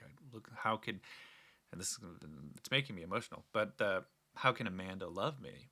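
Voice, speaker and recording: A man's voice: on the low side, moderate pace, sharp tone. A young man hosting a casual solo talk, rambling and earnest with frequent restarts. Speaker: podcast host.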